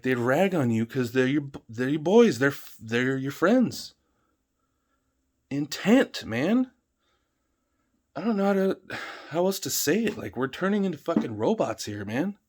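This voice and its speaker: A man ranting in a vlog, heated, emphatic and full of swearing. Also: mid-range voice. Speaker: vlogger.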